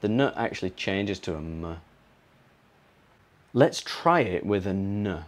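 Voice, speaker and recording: A British man teaching a pronunciation lesson, explaining slowly and repeating words to model them. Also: on the low side, big pitch swings. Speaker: English teacher.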